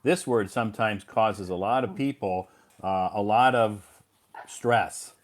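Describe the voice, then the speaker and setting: A man teaching a live online English lesson, relaxed and agreeable, slowing down to model how words are said. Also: fairly low pitch.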